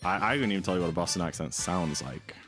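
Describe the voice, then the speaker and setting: A man's voice: sits low, fast. A man streaming a game, chatting casually and rambling while he reads and answers his chat. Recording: game music playing behind.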